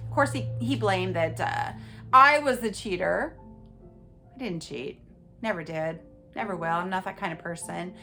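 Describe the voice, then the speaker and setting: Animated woman with a lively, high voice. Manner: animated, emphatic, talks straight to listeners. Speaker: podcast host. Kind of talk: personal storytelling monologue.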